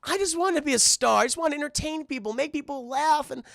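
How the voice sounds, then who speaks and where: A man's voice: extremely high pitch, fast talker, creaky, fairly bright tone, dry recording, studio quality, voice pushed up, heavily acted. A man voicing a laid-back male shadow spirit who talks like a sincere, sheepish dude while retelling a cartoon. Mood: earnest. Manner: casual dude talk, sighing confessions.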